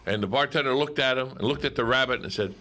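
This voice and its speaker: A man co-hosting a radio chat, playful and teasing, with quick interjections. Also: mid-range voice, pushed and bright. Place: radio studio.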